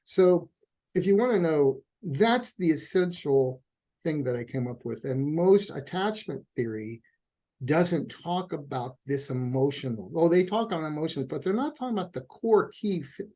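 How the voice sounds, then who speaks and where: A man's voice: a little high, moderate pace. A middle-aged man, a couples therapist, answering in a conversational interview and telling stories with acted-out quotes. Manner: animated storyteller, acts out quotes.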